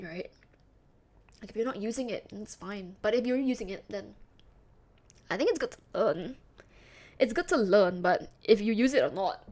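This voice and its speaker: A woman's voice: mid-range voice, a little mellow. A woman streamer chatting casually with her viewers, laughing often and trailing off with fillers.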